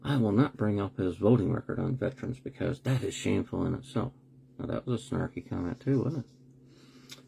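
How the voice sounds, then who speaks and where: With lively intonation and a warm, creaky voice on the low side, the man speaks at a moderate pace over slight background noise. He hosts a live online broadcast, talking bluntly with rhetorical questions, sarcastic asides and the odd swear word when annoyed.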